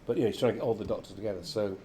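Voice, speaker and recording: An older actor chatting as an interview guest, a lively storyteller who acts out quotes. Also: male voice, lowish voice, racing, slight background noise. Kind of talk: casual interview chat. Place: venue with background chatter.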